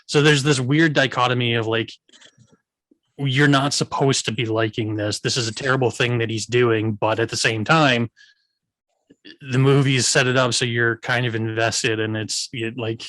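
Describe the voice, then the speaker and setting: A thoughtful man weighs up a film in a measured, analytical way, speaking at a middling pitch. The sound is dry and close, with no room echo. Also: fairly even intonation, a bit bright. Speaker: film review show host. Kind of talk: casual film review chat.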